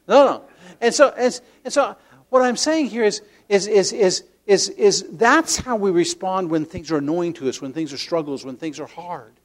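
An older man preaching a sermon, telling stories with lively acted-out inner voices and soft tender asides, often repeating words as he searches. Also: high-pitched, normal speed. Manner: animated storytelling, acts out inner voices, drops to soft tender tones. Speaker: pastor.

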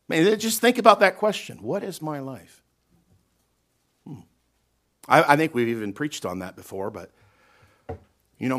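In a church sanctuary, a male pastor delivers a sermon in an emphatic, folksy style, his voice sitting on the high side. He alternates between loud, drawn-out lines and quiet asides, putting questions to the congregation.

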